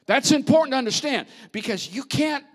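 A man preaching a sermon in an animated, conversational way, with asides to the congregation. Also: very high-pitched, fairly quick.

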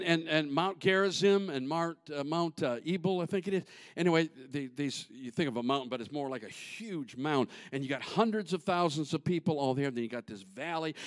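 A male pastor preaching a sermon, folksy and repetitive, swinging from shouted peaks to low joking asides. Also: no echo, clean studio sound. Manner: folksy, repetitive, call-and-response.

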